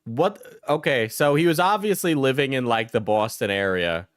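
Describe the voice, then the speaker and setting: A man's voice: mid-range voice, animated, moderate pace, clear, resonant tone, no room sound, studio quality. A young man from New England giving casual reaction commentary as a streamer, blunt and rambling, swearing often.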